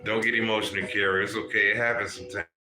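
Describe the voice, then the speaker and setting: A man's voice: lowish voice, flat delivery, very fast. Guy ranting live to his chat, cussing and preaching, echoey room, music going behind. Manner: profane, preachy, calls out to chat viewers. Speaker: livestream host. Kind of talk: preachy livestream rant.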